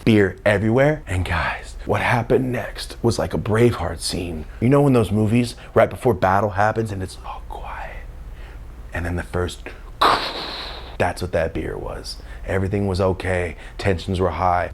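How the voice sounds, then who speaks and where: A man from California telling a comic story about his youth in a casual, slang-filled way, jumping to a high squeaky voice for quotes and dropping to hushed whispers. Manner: casual slang-heavy delivery. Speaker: comedian. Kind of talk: comedic story time.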